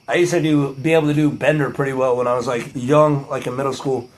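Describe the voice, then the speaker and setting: A man's voice: mid-range voice, fairly even intonation, quick pace. A young man rambling playfully in a casual video monologue. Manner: playful, drifts into pep talk. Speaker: vlogger.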